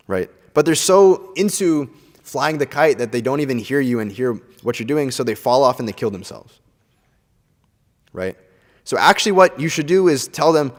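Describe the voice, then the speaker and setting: A man's voice: sing-song, normal speed. Young man, earnest scripture class, tag questions, long hall reverb. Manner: earnest preaching, often ends points with "right?"; acts out quoted voices with big pitch swings. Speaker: speaker giving a scripture class.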